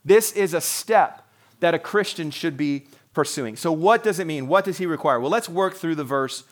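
Pastor in his forties, higher-pitched male voice, earnest and conversational sermon delivery. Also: animated, normal speed. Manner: earnest, conversational preaching with restarts.

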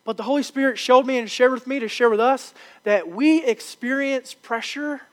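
A man's voice: very high voice, normal speed, fairly bright tone. A male pastor, preaching a sermon with emphatic repetition.

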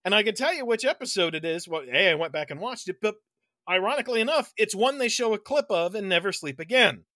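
A man's voice: high-pitched, lively intonation, fast, pushed and bright, no room sound, clean studio sound. A man co-hosting a podcast, telling a long, rambling story in casual chat, laughing mid-sentence and swearing casually. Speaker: podcast co-host.

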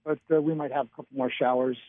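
A man giving a casual radio weather forecast by phone, chatty and relaxed, often chuckling. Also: medium pitch, fast, no echo. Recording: tinny phone line.

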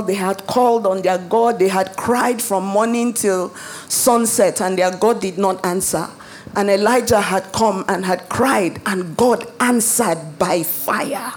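A woman pastor delivering a sermon, preaching emphatically and building up to dramatic rises. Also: on the high side.

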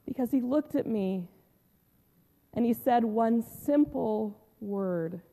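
A woman pastor playing a grieving, devoted woman disciple in a first-person sermon retelling, telling it heartfelt with long pauses and soft drops. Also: a little high, expressive, vocal fry, in a large hall, full character voice. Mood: awed.

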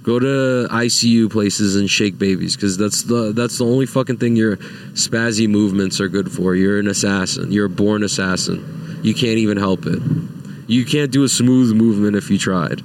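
A young man ranting casually and profanely, exasperated and jumping into loud high-pitched outbursts. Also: normal speed, no room sound. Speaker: vlogger. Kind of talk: casual rant to camera.

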